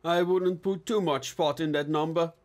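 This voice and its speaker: A man doing a wry, joking young police officer, a bit higher. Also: fairly even intonation, normal speed, a little mellow, natural voice. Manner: jesting, pedantic. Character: younger male police colleague, cynical and joking.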